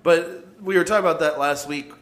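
A man's voice: on the high side, fairly quick, fairly bright tone. A man co-hosting a casual podcast, sardonic and swearing freely as he chats. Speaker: podcast co-host. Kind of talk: casual chat.

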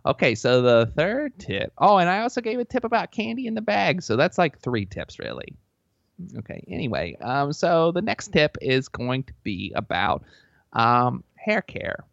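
Brief: bragging man with a Southern accent, gravelly, pitch swinging wildly, dull lo-fi sound. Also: huge pitch swings, normal speed, dry recording. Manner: boastful, rambling, easily sidetracked. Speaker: comedic advice giver. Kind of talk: comedy podcast bit. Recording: dull lo-fi recording.

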